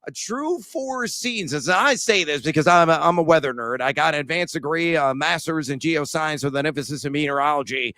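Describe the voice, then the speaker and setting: A man from Central Illinois hosts a sports betting talk show, chatting casually and rambling with jokes and many "uh" fillers. His voice is a little high, bright, and forceful, a little fast with few pauses, and there's no room sound.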